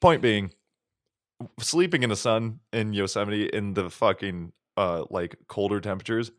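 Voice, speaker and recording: A lower-pitched man co-hosting a podcast, spinning a loose, animated anecdote full of swearing and acted-out bits. The sound is dry and close, with no room around it. He talks in a relaxed, chatty way. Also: moderate pace, no echo. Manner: animated, profane, acts out voices in stories. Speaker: podcast co-host. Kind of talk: casual storytelling chat.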